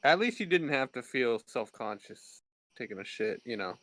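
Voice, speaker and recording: A man's voice: medium pitch, sing-song, normal speed, fairly bright tone, no echo. A man co-hosting a podcast in casual chat, laughing a lot and swearing freely. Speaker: podcast co-host.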